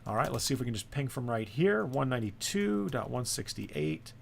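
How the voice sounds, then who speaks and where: Gravelly man walking through a tutorial. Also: medium pitch, very animated, brisk, slight background noise. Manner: thinking aloud, asks rhetorical "right?". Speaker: course instructor. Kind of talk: screen-recorded tutorial.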